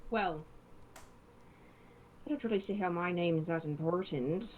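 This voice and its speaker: A woman speaking as her character asks blunt, curt questions in a fairly low voice. She comes through a thin, phone-like line with a faint hiss. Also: a little slow. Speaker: player.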